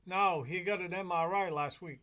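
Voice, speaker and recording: Fairly high-voiced guy from rhode island, blunt, cusses a lot, teasing banter. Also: moderate pace, bright, forceful tone. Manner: blunt, swears freely, teasing. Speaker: podcast co-host. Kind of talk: casual chat.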